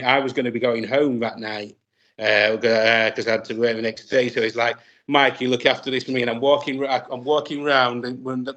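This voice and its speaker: Man, interview guest, rambling anecdotes, frequent laughs, mid pitch, muffled lo-fi sound. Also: fairly bright tone. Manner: rambling, many restarts, laughs often. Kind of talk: casual anecdotal storytelling.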